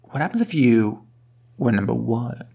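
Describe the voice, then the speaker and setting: A man casually retelling a movie plot on a podcast, rambling and dropping into quick character impressions. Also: medium pitch, expressive, gravelly, dark tone, husky. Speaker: podcast co-host. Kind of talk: casual movie recap chat.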